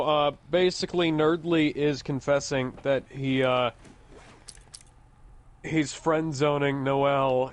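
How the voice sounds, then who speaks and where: A man chatting casually over a video game playthrough, rambling and laughing at his own jokes. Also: medium pitch. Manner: giggly, rambling and joking. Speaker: game commentator. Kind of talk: casual let's-play chat.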